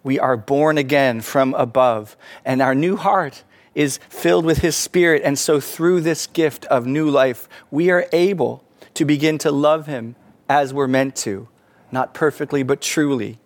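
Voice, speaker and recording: A man preaching a sermon, earnest, rising to emphatic peaks and falling back soft. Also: mid-range voice, measured pace, no echo. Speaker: pastor.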